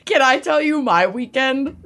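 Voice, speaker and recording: A woman's voice: sits high, lively intonation, unhurried, a bit bright. A woman co-hosting a podcast in casual chat, wry, laughing often and swearing casually. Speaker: podcast co-host.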